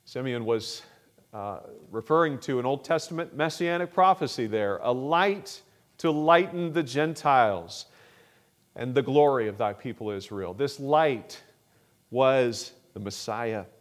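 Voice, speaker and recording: Slow, emphatic male preacher. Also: lively intonation. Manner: emphatic preaching with swells in pitch and volume on key phrases; deliberate, measured delivery with fillers. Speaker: pastor. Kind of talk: sermon.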